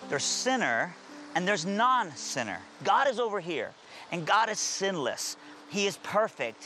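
A man's voice: sits high, a bit bright. A man telling his conversion story and preaching in an earnest, emphatic storytelling manner. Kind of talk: testimony and sermon.

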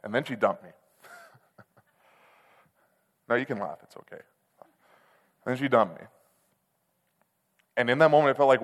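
A man preaching a sermon, telling a personal story in a candid, conversational way that swells into loud, passionate outbursts. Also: mid-range voice, measured pace, long pauses. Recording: long hall reverb.

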